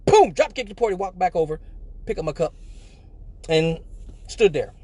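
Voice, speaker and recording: A man's voice: high-pitched, moderate pace, darkish tone, slightly rough, no room sound. A man from Michigan hosting a live stream, telling a story casually with lots of profanity and slang. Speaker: live show host.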